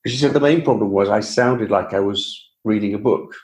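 A man's voice: on the low side, fairly quick, a little mellow. A man with a Received Pronunciation English accent, a guest author telling his story in a chatty, self-deprecating way during a casual interview. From England.

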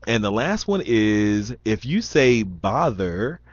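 A man's voice: fairly low pitch, very animated, slow, dry recording. A young man with a slight Southern Indiana accent, chatting casually and rambling as he reads questions aloud, with many ums and restarts. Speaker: vlogger. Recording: dull lo-fi sound, dry.

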